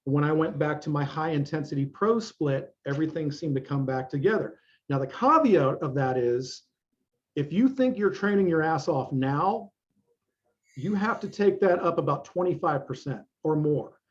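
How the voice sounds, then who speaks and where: A man's voice: on the high side, normal speed, highs cut off. A middle-aged man, a fitness coach guest, talking bluntly and emphatically in a casual interview, with plenty of swearing.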